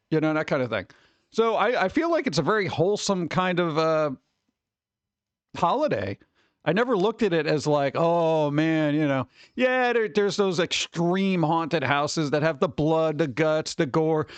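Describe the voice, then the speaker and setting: Animated high-voiced man streaming. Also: smooth, no echo. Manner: rambling and animated, reads chat aloud. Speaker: live streamer chatting with viewers. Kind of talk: casual stream chat.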